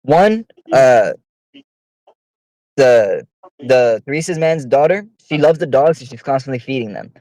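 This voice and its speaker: A man's voice: medium pitch, darkish tone, no echo, poor audio. A man telling a long, profane story on a casual podcast, with heated delivery. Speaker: podcast co-host.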